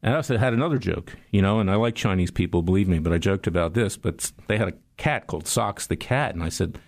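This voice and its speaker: A man's voice: low voice, quick pace. An older man delivering a sarcastic political commentary monologue, telling stories and jokes. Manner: sarcastic, storytelling, animated.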